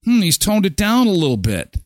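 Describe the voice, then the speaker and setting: Animated joking male show host. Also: sits high, fairly quick, no room sound, studio quality. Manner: animated, joking, mocking asides. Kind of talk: casual morning show commentary.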